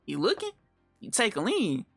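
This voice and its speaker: Young male storyteller, slangy and animated, close dry mic, faint game music behind. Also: high-pitched, moderate pace, vocal fry, no room sound. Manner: slangy, animated, lots of fillers and swearing. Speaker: storytime vlogger. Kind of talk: casual storytelling.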